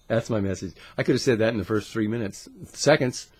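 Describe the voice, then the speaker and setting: A man's voice: lowish voice, fairly quick, hardly any pauses. Swearing man ranting to camera. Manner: swears constantly, swings between loud outbursts and muttered asides. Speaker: channel host. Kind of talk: profane conspiracy rant to camera.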